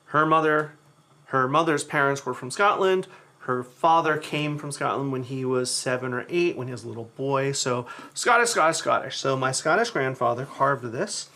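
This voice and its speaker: A man's voice: mid-range voice, normal speed, bright, forceful tone. A man hosting a live cooking demo, talking chattily to his viewers while he cooks. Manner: chatty storyteller who talks to the chat. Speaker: cooking show host.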